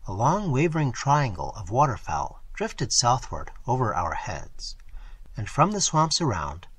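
Husky, expressive male audiobook narrator. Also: medium pitch, measured pace. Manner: expressive storytelling, varied delivery. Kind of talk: first-person audiobook narration.

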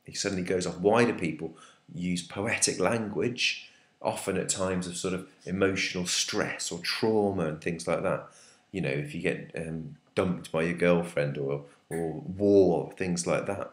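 Deep-voiced teacher talking through a text. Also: male voice, measured pace. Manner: chatty, questioning, full of ums. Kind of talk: literature lesson talkthrough. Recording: echoey room.

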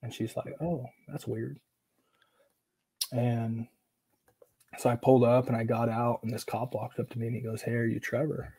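Speaking as a podcast guest, a man from Oregon, USA, shares a painful memory in a husky, slightly breathy voice that stays flat and even in pitch. His talk is brisk and casual, heavy with fillers, and he acts out what other people said, coming across as earnest and openly emotional. The recording is rough.

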